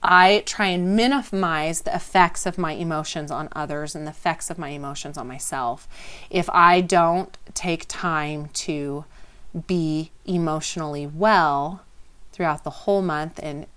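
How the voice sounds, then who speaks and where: A woman with a fairly low, smooth and resonant voice gives an informal spoken lesson. She talks conversationally, checks in with the listener and often restarts her phrases. She explains her points through everyday examples. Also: unhurried, a bit bright. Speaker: wellness teacher.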